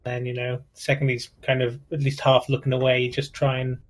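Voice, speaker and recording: A player in a tabletop role-playing game who talks in a halting, coaxing way with many fillers. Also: mid-range voice, monotone. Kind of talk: in-character tabletop play.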